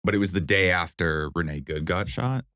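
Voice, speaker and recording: Guest comedian; low, clean voice, dry mic, rambling anecdotes full of fillers. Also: male voice, lively intonation, moderate pace, pushed and bright, smooth, no room sound. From United States. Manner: rambling, loose storytelling with many fillers. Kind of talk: casual chat.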